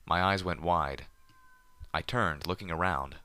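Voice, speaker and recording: A man reading a story aloud in the first person with a measured, deliberate delivery. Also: sits low, pushed and bright, no echo. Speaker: audiobook narrator.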